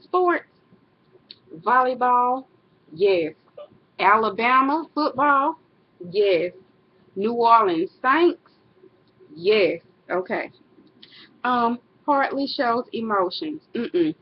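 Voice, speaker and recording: A woman's voice: on the high side, expressive, drawn-out words, long pauses, breathy edge. A middle-aged woman, talking casually to camera in a personal vlog, rambling and correcting herself. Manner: rambling, self-correcting, laughs often. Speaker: vlogger. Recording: dull lo-fi webcam audio.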